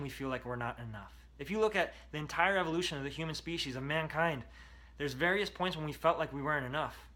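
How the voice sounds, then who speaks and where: Bright-voiced motivational male coach. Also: on the high side. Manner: emphatic, coaching, repeats key phrases. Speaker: self-help coach. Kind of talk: motivational talk to camera.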